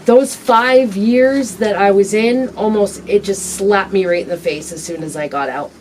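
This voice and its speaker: A woman as an interview guest, telling her personal story candidly in a halting, reflective way with frequent pauses and ums. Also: mid-range voice, darkish tone, distant mic, a little hiss or hum.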